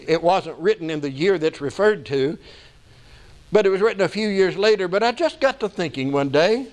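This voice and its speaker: A male pastor preaching a sermon, earnest, with slow, emphatic stretches. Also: high voice, fairly bright tone.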